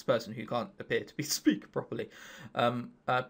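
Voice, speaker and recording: A man's voice: mid-range voice, fairly even intonation, moderate pace, gravelly. A man in his twenties with an English accent, reading a visual novel aloud and making joking, rambling asides. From England. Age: 20s. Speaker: let's play host.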